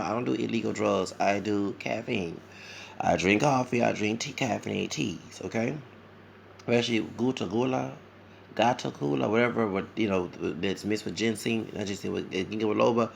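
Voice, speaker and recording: A tired man from Louisiana with a Louisiana accent, talking fast and rambling in an opinionated livestream monologue. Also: on the low side, vocal fry, a little hiss or hum. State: tired, sleepy. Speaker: vlogger.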